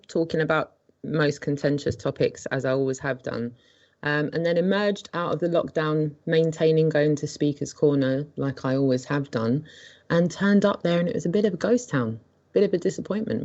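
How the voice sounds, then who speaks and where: A woman's voice: low-pitched, normal speed, darkish tone, dull audio. A woman from England with an English accent, a guest chatting casually and easily in an interview, dropping homely slang. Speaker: guest, street activist.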